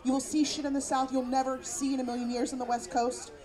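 A woman's voice: sits high, level tone, fast talker, a little mellow. A woman from San Francisco doing a brash, profane stand-up set as a storytelling comedian. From San Francisco, USA. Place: comedy club stage. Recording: live club with audience.

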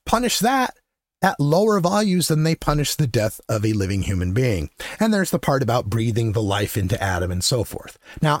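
Animated, blunt male host with a lively pitch. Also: no echo, clean studio sound. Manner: animated, rising to near-shouting when worked up, laughs between lines; profane and blunt. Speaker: podcast host. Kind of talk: casual storytelling monologue.

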